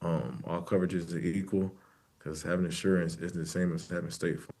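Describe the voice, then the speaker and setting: A man in his thirties, a football player giving a casual interview in a soft-spoken, laid-back way with many fillers. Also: low-pitched, steady tone, brisk.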